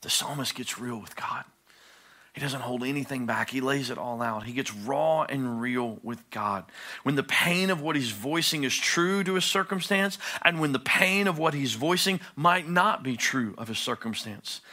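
A male pastor preaching a sermon, swinging from hushed low phrases to loud, high-pitched pleading. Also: moderate pace.

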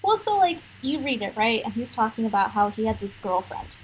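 Young woman podcast co-host, casual, blunt and emphatic, higher pitch, faint background noise. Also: very animated, a little fast, poor audio. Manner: emphatic, blunt, full of fillers like "like". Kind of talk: casual podcast chat about a book.

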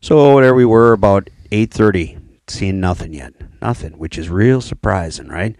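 A man from Wisconsin swaps hunting stories, ribbing his friends and laughing as he goes. His voice sits low, and it is recorded close and dry. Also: expressive, normal speed, a little mellow, dry recording. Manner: joking storyteller, laughs often. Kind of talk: casual hunting chat.

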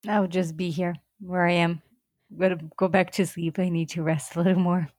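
A woman's voice: on the low side, flat delivery, fairly quick, darkish tone, no room sound, studio quality. A young woman co-hosting a casual TV recap chat, reacting bluntly and emphatically. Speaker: podcast co-host.

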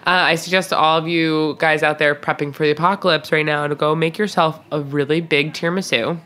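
A woman's voice: low-pitched, fairly even intonation, fairly quick, a bit bright. A young woman co-hosting a podcast, chatting casually and joking, with lots of "like" fillers. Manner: chatty, jokey, many fillers. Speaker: podcast co-host. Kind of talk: casual chat.

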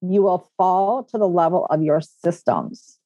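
A woman's voice: lowish voice, expressive, measured pace, warm tone, no echo, lo-fi sound. A woman from the Upper Midwest, a guest entrepreneur chatting in a friendly, easygoing way. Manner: friendly, easygoing, laughs often. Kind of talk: casual interview chat.

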